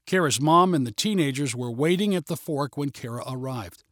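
A man narrating a children's adventure story in a measured, even reading. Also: mid-range voice, dry recording, studio quality.

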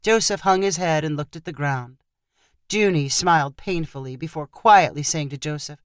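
A woman narrating a short story in an expressive storytelling manner. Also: sits low, moderate pace, clean tone, dry recording, clean studio sound.

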